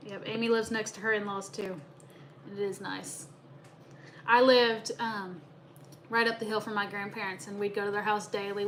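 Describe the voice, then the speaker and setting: A woman's voice: medium pitch, fairly bright tone, slight background noise. Chatty woman livestreaming. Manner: chatty, laughs often, greets viewers. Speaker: livestream host. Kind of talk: casual livestream chat.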